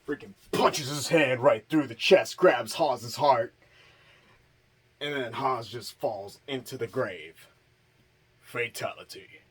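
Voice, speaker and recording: A man recapping a horror film in an unhurried, drawling way, sprinkling in swears. His voice sits at a middling pitch for a man, and he talks slowly with a loose, offhand manner. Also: slightly rough. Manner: slow, laid-back and profane. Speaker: horror movie reviewer. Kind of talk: casual plot recap.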